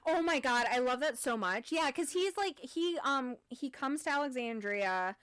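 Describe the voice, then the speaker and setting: A woman co-hosting a casual book club chat, animated and swearing freely as she acts out quotes from a show. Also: high-pitched, moderate pace, clear, resonant tone, no echo. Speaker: podcast co-host.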